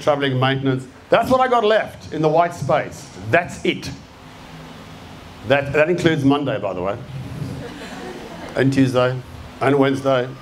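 An Australian man in his fifties gives a live motivational talk at an event venue, blunt and punchy, swearing freely to rouse the audience. His voice is a little high, with a bit of hiss or hum in the recording.

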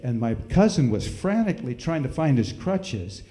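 A middle-aged man telling a folksy, animated story with sound effects during a church service. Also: medium pitch, moderate pace, echoey room, slight background noise. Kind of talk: storytelling in a sermon. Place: church hall.

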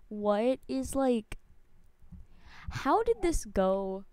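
A woman's voice: mid-range voice, lively intonation, unhurried, a little mellow. A woman streaming a survival game live, reacting dramatically to her chat with gasps, squeals and swearing. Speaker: Twitch streamer.

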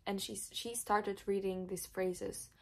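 A woman's voice: medium pitch, little pitch movement, slow, gravelly, darkish tone, a little hiss or hum. A young woman, not a native English speaker, telling an emotional personal story in her vlog, with many filler words. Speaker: vlogger.

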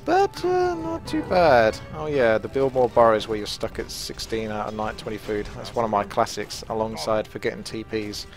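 Male gaming host, relaxed play-by-play narration with a joking edge, soft background music. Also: on the low side, normal speed, hardly any pauses. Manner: chatty, self-mocking, talks to teammates. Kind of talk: live gameplay commentary.

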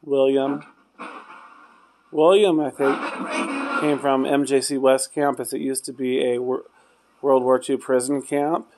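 A man's voice: mid-range voice, flat delivery, slow pace, pauses often, noisy background. Male paranormal investigator, loose chatty delivery, old hotel room at night. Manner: rambling, trails off quietly. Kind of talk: casual chat during ghost hunt.

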